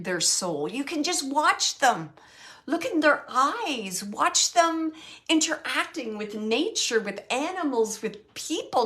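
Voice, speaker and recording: A woman's voice: on the high side, a bit bright. A middle-aged woman hosting a casual live chat as a medium, rambling and correcting herself as she reassures viewers.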